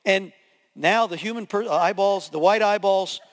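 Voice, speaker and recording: Pastor, male, high voice, animated sermon storyteller who acts out scenes; long church-hall reverb. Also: a little slow.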